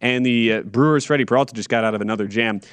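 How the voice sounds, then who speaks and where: A man's voice: mid-range voice, rapid-fire, clean tone, no room sound. A man from Wisconsin co-hosting a sports betting show, moving between a read ad and playful chat, laughing easily. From Wisconsin, USA. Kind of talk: casual sports talk and read ad.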